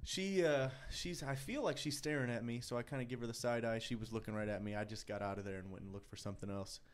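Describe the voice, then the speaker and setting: A man with a medium-pitched voice talks fast as a podcast co-host. In casual banter, he rambles through a story with lots of restarts.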